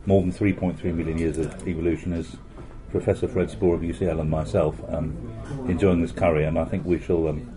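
Very deep-voiced man, relaxed and joking. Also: brisk, hardly any pauses. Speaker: interviewer. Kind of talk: casual conversation over a meal. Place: busy restaurant. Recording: crowded restaurant chatter behind.

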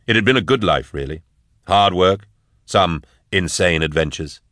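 Scripted audiobook narration is delivered by a man whose voice sits very low, steady and measured throughout. It's captured close up with no room sound, completely dry.

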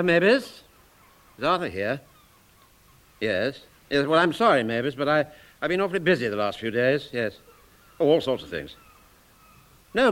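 A man's voice: medium pitch, fairly bright tone. An actor playing a genteel older man, an uncle, talking in a polite, mild way in a radio sitcom. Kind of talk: 1990s radio sitcom acting.

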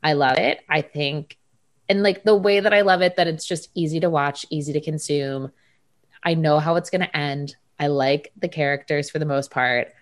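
A woman's voice: deep voice, steady tone, normal speed. A woman in her thirties co-hosting a podcast, easygoing and chatty. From United States. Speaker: podcast co-host. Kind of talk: casual chat.

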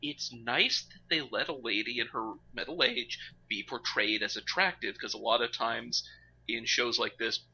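A man co-hosting a podcast in casual chat, animated and quick to laugh. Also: medium pitch. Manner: animated, laughs often, puts on mocking voices. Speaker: podcast co-host. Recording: slightly dull lo-fi recording with faint background noise.

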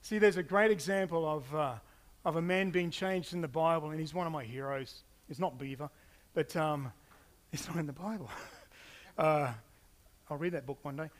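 Male pastor, higher voice, lively storyteller who acts out quotes. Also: normal speed. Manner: animated storytelling, acts out quotes with playful asides. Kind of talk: sermon.

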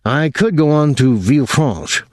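A man reading an audiobook, voicing a calm, reassuring middle-aged boat owner. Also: a little high, a little slow, no room sound, studio quality, voice pushed up.

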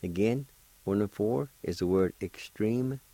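A man's voice: fairly low pitch, dark tone, no echo, low-quality recording. A man teaching a radio language lesson, patiently repeating each word and spelling it out letter by letter. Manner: deliberate, spells words out letter by letter.

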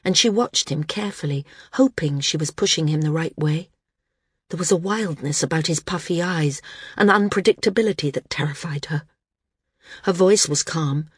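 A woman narrating a fantasy audiobook in a steady, measured way. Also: on the low side, breathy edge, no room sound, studio quality.

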